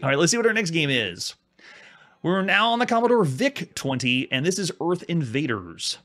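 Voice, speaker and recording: Male host, higher-set, very animated pitch; casual gameplay commentary, stumbles and restarts mid-sentence. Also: moderate pace. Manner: rambling, restarts words often while playing. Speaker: host reviewing retro games.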